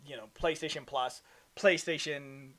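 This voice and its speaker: Bright-voiced man hosting a podcast. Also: fairly high pitch, steady tone, unhurried. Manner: reads news from notes, stumbles and restarts, gets breathless. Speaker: podcast host. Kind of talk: casual gaming podcast chat.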